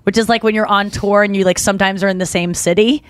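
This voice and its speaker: A woman's voice: mid-range voice, steady tone, fast talker, no echo. A woman co-hosting a podcast in casual chat, talking frankly and rambling, full of "like" and swearing. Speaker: podcast co-host.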